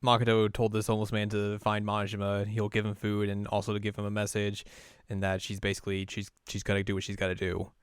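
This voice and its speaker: A man's voice: on the low side, completely flat delivery, quick pace, clear, resonant tone, no room sound, studio quality. A male podcast co-host casually recapping a game's plot, scattered with "like" and restarts. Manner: rambling recap full of "like" fillers. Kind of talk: casual chat recapping a video game story.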